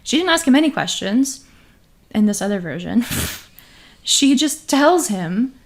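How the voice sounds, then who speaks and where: A woman's voice: on the high side, big pitch swings, unhurried. A woman co-hosting a casual podcast, retelling an eerie story and laughing often as she talks. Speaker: podcast co-host.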